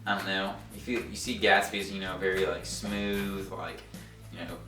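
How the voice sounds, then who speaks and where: A man's voice: low-pitched, little pitch movement, moderate pace, pushed and bright, far from the mic. A young man answering casual interview questions about playing a role, rambling with lots of fillers. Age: young adult. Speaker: cast member playing Gatsby. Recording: echoey room. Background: background music.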